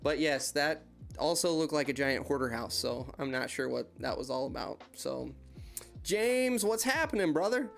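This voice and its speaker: A man from the United States, a YouTube host and heavy equipment operator, fields questions on an easygoing live stream at his desk while soft music plays. His medium-pitched voice is creaky and a bit bright, with little pitch movement and a normal pace, as he rambles through stories and greets viewers by name.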